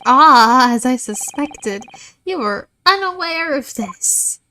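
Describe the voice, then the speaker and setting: A woman reading as a formal, measured official man. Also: high voice, lively intonation, bright, forceful tone, full character voice. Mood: grave.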